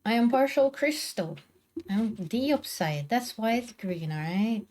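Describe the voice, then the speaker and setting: Streaming from home on a desk microphone, a woman draws while chatting casually with viewers and calling out to her cats, full of teasing indignation. Her voice is fairly high, expressive and darkish, and she speaks slowly.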